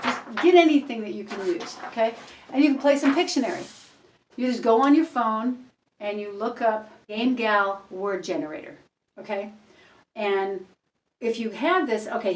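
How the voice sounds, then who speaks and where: A woman life coach giving a casual, energetic how-to talk to camera, encouraging and animated. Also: a little high, reverberant, far from the mic, slight background noise, poor audio.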